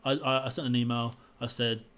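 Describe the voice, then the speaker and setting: A man's voice: medium pitch, level tone, a little fast, a bit bright, clean tone. Frustrated young Englishman. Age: young adult. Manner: frustrated, indignant retelling with repeated phrases. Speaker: vlogger. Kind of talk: personal story to camera.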